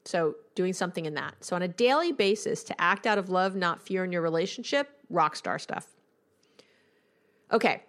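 A woman's voice: lowish voice, expressive, moderate pace, fairly bright tone. A woman, a couples therapist, hosting an advice podcast in a candid, conversational and emphatic way.

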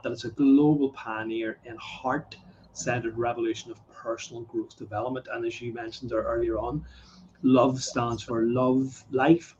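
A man's voice: medium pitch, dark tone, muffled recording. A man hosting an interview, responding with enthusiastic, affirming remarks. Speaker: interview host. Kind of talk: conversational interview.

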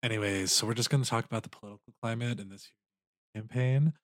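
A man playing a tabletop game, joking in quick banter with friends. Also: mid-range voice, fairly bright tone, no room sound, clean studio sound. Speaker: player. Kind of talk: casual chat among players.

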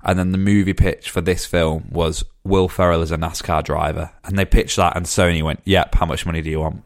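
Low-pitched male podcast co-host, dry wit. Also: little pitch movement, brisk, dry recording. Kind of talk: casual chat, reading a film synopsis.

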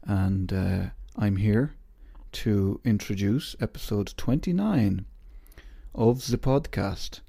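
A man's voice: fairly low pitch, slow pace, vocal fry, warm tone, breathy edge, dry recording, clean studio sound. A man hosting his podcast in a rambling, self-mocking casual chat. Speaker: podcast host.

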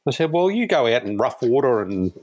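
A man's voice: medium pitch, very animated, brisk, darkish tone. An Australian man, a police air rescue crewman, telling stories in a laid-back, chuckling way as an interview guest. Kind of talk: casual storytelling interview.

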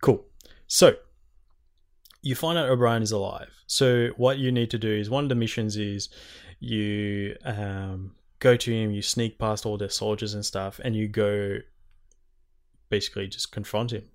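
A man's voice: lowish voice, unhurried. A young man in casual chat, retelling game scenes animatedly and swearing a lot. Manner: animated, swearing, quoting characters in exaggerated voices.

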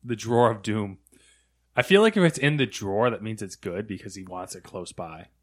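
A man chatting as a guest on a snack-tasting show, goofy and animated. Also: fairly low pitch, fairly quick. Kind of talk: casual chat tasting snacks.

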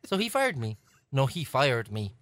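A man's voice: mid-range voice, big pitch swings, normal speed, a bit bright, no echo. A man with an Irish accent telling a rambling story in casual chat, laughing often and acting out what people said. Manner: rambling, giggly, acts out quotes. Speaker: comedy guest.

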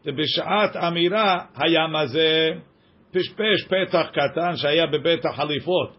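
A man teaching a text study class, reading passages quickly and translating them line by line, joking with his students. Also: on the high side. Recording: dull lo-fi recording.

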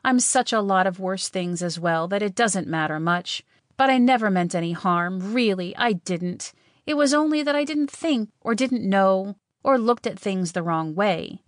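A woman's voice: mid-range voice, expressive, normal speed, dry recording, clean studio sound, natural voice. A woman voicing an impulsive, remorseful young woman in an audiobook, speaking earnestly. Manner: earnest and emotional. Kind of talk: audiobook reading.

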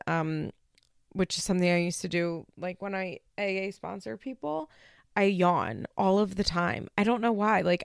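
Chatty woman with a gravelly, low voice. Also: no room sound, clean studio sound. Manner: chatty and animated, lots of "like" and incredulous asides. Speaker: podcast host. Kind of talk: solo podcast monologue recapping a reality show.

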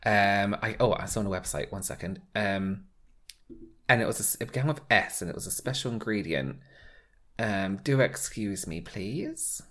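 A man's voice: lowish voice, moderate pace, a bit bright. A man co-hosting a podcast, joking and chatty, trailing off with fillers as he describes products. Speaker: podcast co-host. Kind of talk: casual chat.

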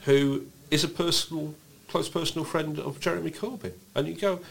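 Animated man, co-hosting a podcast. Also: a little high, normal speed, vocal fry. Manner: animated, incredulous storytelling with laughs. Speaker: podcast co-host. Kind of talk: casual political chat.

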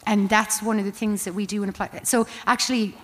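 A woman with a Cork accent talks as an interview guest. She explains her work in a measured, careful way as a psychology lecturer. Her voice carries a long, hall-like reverb. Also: medium pitch, steady tone. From County Clare, Ireland.

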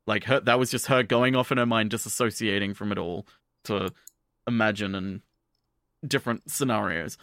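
A man casually recapping an anime plot for a podcast, jumping into quick character voices as he goes. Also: fairly low pitch, dry recording, studio quality. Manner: animated, acts out characters' lines in quick voices.

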